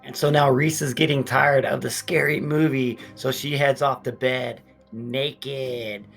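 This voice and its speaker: A man's voice: medium pitch, fairly even intonation, a little slow, gravelly, a bit bright, faint music behind. Profane man ranting through a horror recap. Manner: profane, blunt storytelling. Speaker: horror movie reviewer.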